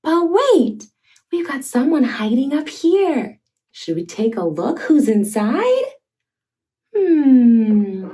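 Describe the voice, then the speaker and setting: Young female kids' host: high, very animated, drawn-out sing-song delivery with playful animal sounds. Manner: slow, exaggerated, sing-song talk to toddlers. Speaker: children's educational host. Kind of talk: toddler teaching video.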